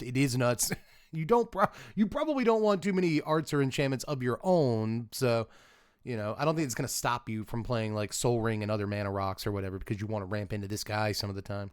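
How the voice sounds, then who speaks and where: A man's voice: mid-range voice, a little fast, clear, resonant tone, dry recording, clean studio sound. A man reviewing trading cards in a chatty, self-amused way, laughing often as he talks. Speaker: Magic card reviewer. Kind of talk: casual card review commentary.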